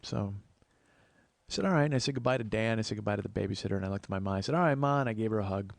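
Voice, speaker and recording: A man's voice: lowish voice, fast talker, vocal fry, no echo. A man in his forties telling stories in a casual podcast monologue. He chats freely, swears offhandedly and acts out the people he quotes. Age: 40s. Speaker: podcast host.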